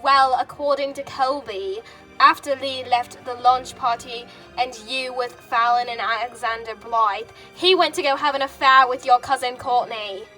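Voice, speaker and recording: A woman voicing a scheming mother who breaks false news in a measured, sympathetic tone in a toy figure drama. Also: high-pitched, steady tone, pushed and bright, faint music behind.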